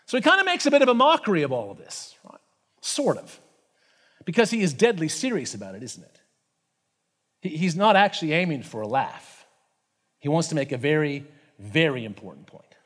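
A man preaching a sermon in a conversational, animated way, with frequent asides and fillers. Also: on the high side, fairly quick, pauses often. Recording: reverberant hall.

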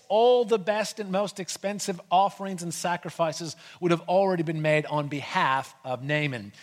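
A man preaching a sermon in a conversational way, retelling with lively asides. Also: high voice. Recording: long hall reverb.

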